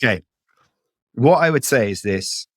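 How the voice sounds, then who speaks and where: A man's voice: mid-range voice, animated, measured pace, fairly bright tone, no echo, clean studio sound. A man co-hosting a comedy show, earnest and insistent as he argues his point. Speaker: co-host. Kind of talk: comedic banter.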